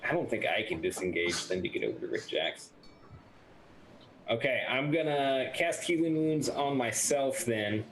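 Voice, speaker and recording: A man playing in a casual tabletop game, slowly talking through his character's moves. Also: mid-range voice, animated, fairly bright tone, a little hiss or hum, poor audio. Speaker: player.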